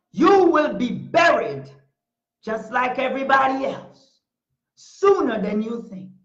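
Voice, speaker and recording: A woman's voice: high-pitched, fairly bright tone. A middle-aged woman hosting a talk show, preaching in a fiery, declarative way and repeating phrases for emphasis. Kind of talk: impassioned preaching monologue. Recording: echoey room, dull lo-fi sound.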